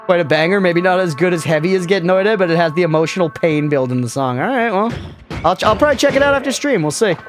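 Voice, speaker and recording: A man's voice: high-pitched, lively intonation, fast, faint music behind. A man streaming a video game, chatting casually and joking as he answers his chat. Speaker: gaming streamer. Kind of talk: casual live-stream chat over gameplay.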